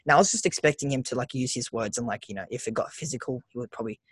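A man's voice: medium pitch, very fast, slightly rough, dry recording. A young Australian man telling stories in casual chat, keeps checking in with "right?". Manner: animated storyteller, keeps adding "right?".

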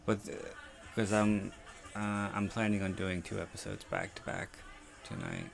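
Slow gravelly male podcast host. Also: sits low, sing-song. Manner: rambling, profane, unhurried. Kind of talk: casual episode review.

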